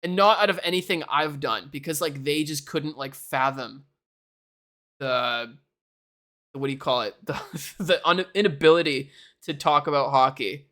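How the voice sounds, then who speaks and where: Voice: mid-range voice, normal speed, fairly bright tone. A young adult from Canada, chatting casually and rambling on a live stream while reacting to chat. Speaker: livestreamer.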